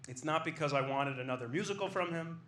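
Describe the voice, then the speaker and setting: Young male stand-up storyteller, high and lively, bright tone, echoey live room, faint noise. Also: quick pace. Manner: animated, rising to excited bursts. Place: comedy club stage with audience.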